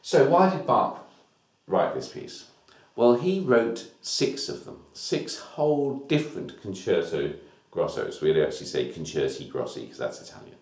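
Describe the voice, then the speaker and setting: A man's voice: lowish voice, big pitch swings, measured pace, a little mellow. A man teaching a music lesson, explaining new terms step by step in an informal way. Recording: echoey room.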